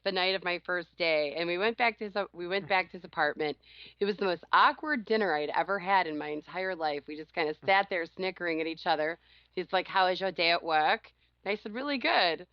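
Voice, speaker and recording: A woman co-hosting a podcast, telling a story in a casual, animated way and laughing often. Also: mid-range voice, smooth, no room sound. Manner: animated, quotes others in changed voices, laughs often. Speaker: podcast co-host. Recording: dull lo-fi podcast audio.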